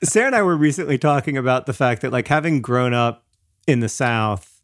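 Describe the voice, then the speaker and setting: A man's voice: mid-range voice, animated, fairly quick, no room sound, clean studio sound. A man co-hosting an advice podcast in casual chat, teasing his co-host, laughing often and drifting into tangents.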